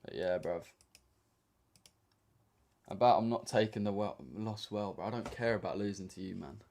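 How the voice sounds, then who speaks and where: A man's voice: on the low side, moderate pace, gravelly, a little mellow, a little hiss or hum. A young man chatting casually on a livestream as a trading streamer, bantering in slang with lots of fillers. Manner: laid-back slangy banter with frequent fillers.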